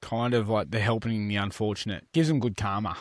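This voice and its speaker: A man's voice: lowish voice, brisk, no echo, studio quality. A man co-hosting a sports podcast, swearing and joking wryly, reading out spoof headlines. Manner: swearing, wry and deadpan. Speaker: podcast co-host. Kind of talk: casual chat, reading comic fake news.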